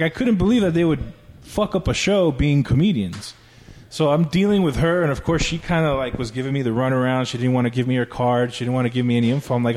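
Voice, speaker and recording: A man telling a long story in casual chat, profane and animated, acting out quotes. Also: medium pitch.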